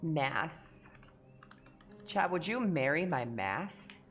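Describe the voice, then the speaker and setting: A woman's voice: low voice, very animated, drawn-out words, a bit bright, soft background music. A woman from Mexico, a streamer chatting casually and crudely with her viewers, playful and joking. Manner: crude, playful, talks to chat, hums and sings nonsense. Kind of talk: casual livestream chat.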